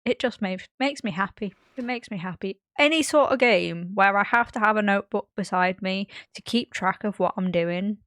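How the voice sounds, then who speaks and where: A woman's voice: mid-range voice, moderate pace, hardly any pauses, no room sound. Girl co-host, rambly storyteller, lots of likes and ums, dry close sound. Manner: rambling, animated storyteller, frequent fillers. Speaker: podcast co-host. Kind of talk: casual podcast chat.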